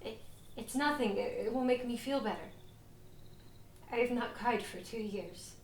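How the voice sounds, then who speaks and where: An actress playing a weary, heartbroken young actress, speaking haltingly with stammered restarts, in a filmed stage drama scene. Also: female voice, on the high side, a little hiss or hum, natural voice. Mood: tearful. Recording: roomy, distant mic with music.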